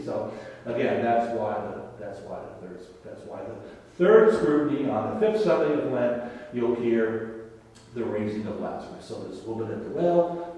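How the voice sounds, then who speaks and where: A man in a relaxed teaching talk, wandering through his points with frequent restarts and asides. His voice comes from a distance, with long reverb filling a large room. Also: medium pitch. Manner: rambling, conversational, many restarts. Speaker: catechism teacher. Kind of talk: informal religious class talk. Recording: echoey hall, voice from far off.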